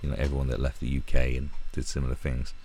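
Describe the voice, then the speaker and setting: A man's voice: very deep voice, flat delivery, quick pace, mellow, slight background noise. A man giving casual video commentary as an online host, sarcastic and rambling, with swearing along the way.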